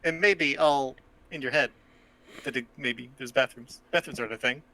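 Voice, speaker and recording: A man's voice: medium pitch, normal speed, bright, forceful tone. A man narrating as game master of a tabletop game, laughing often and swearing freely.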